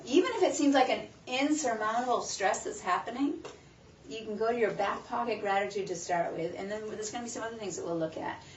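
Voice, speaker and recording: A woman's voice: medium pitch, a little mellow, a little hiss or hum. A woman leads a live workshop on stress, talking through it with lots of questions put to the audience. She sounds far from the microphone in a roomy space. The sound is muffled and a little dull. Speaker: wellness workshop presenter. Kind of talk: live talk to a small audience. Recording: roomy, distant, muffled room recording with faint background.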